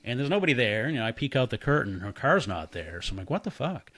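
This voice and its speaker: A man casually telling a story, animated and swearing freely while he acts out the voices of the people in it. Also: mid-range voice, quick pace. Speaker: podcast guest.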